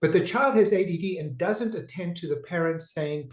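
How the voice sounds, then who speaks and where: A psychiatrist gives a conversational webinar talk over a video call, talkative and digressive with frequent restarts. His high voice moves at a moderate pace, and the low-quality recording sounds roomy.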